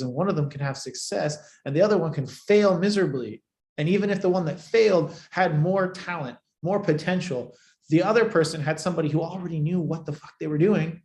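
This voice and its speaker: Male coach, fairly high-pitched and blunt, heavy swearing, echoey room, punches words then drops to a hush. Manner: blunt, profane, emphatic, swings loud and soft. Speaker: marketing coach. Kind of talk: live online training.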